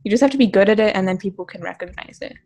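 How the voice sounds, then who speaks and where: A woman's voice: medium pitch, racing, a little mellow. A teenage girl co-hosting a casual podcast with friends, teasing and laughing often. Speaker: podcast co-host. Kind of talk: casual chat among friends.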